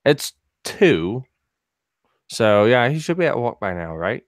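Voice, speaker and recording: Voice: mid-range voice, sing-song, slow, no echo, studio quality. A streamer chatting casually and playfully with a co-host over a video call. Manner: joking, playful. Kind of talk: casual chat. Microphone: computer mic on a video call.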